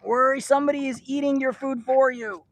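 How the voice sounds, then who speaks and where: A man's voice: extremely high pitch, fairly even intonation, fairly quick, fairly bright tone, no room sound. A man vlogging outdoors while feeding rescued street cats, rambling affectionately and teasing the cats by name. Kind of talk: casual chat to camera and to cats. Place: outdoors by a shipping container.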